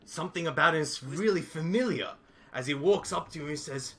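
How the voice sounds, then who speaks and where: A man narrating as game master, telling the story in a lively, improvised way. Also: on the high side, brisk.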